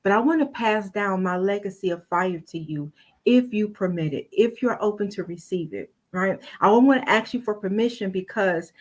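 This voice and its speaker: A woman's voice: medium pitch, moderate pace. An older woman speaking as a summit guest in an earnest, rhetorical way. She addresses the listeners directly, stacking up questions, as she talks over a video call. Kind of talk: motivational talk.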